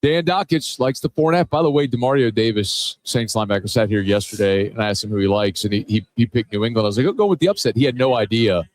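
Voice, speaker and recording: A man's voice: fairly low pitch, fast talker, few pauses, no echo. A man hosting sports radio, giving earnest, enthusiastic opinions in casual talk. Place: radio row booth at a big game.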